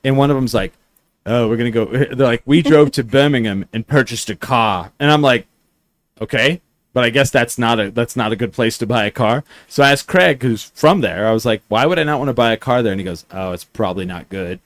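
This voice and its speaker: A man's voice: medium pitch, brisk, no echo. A male podcast host tells loose, meandering stories and swears freely as he goes. His voice sits in an ordinary middle register. The sound is dry and close, with no room around it. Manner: rambling, swearing storyteller. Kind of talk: casual chat.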